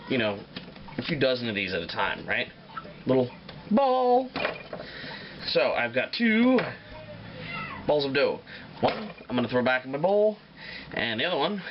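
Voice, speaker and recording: A man hosting a casual home cooking show, rambling and swearing freely as he walks through the steps in his kitchen. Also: medium pitch. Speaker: home cook and show host. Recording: dull lo-fi audio with clear noise.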